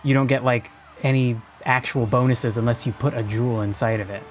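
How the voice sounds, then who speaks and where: A man streaming a game, chatting casually with a co-host, relaxed and full of "like" fillers. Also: medium pitch, a little fast, soft background music. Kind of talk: casual gameplay chat.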